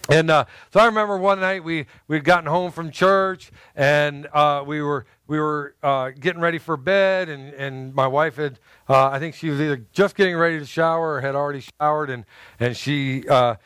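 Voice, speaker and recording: High-voiced, animated storytelling preacher man. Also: moderate pace, smooth, no echo, clean studio sound. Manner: animated storyteller who acts out quotes and jokes with the congregation. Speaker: pastor. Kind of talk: sermon with personal anecdotes.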